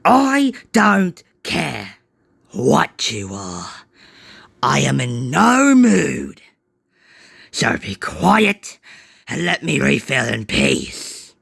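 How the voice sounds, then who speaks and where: Man doing cranky storybook train engine; snaps loud, sulks low. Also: huge pitch swings, very slow, creaky, pauses often, husky, exaggerated voice. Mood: snappish. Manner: ranting, snapping. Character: hot-tempered male tank engine, grumbling.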